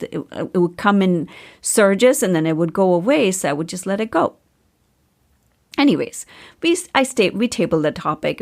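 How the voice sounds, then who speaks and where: A middle-aged woman, a podcast host and coach, telling a personal story in a chatty, animated way and laughing often. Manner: chatty, animated, laughs often, pitch jumps up when excited.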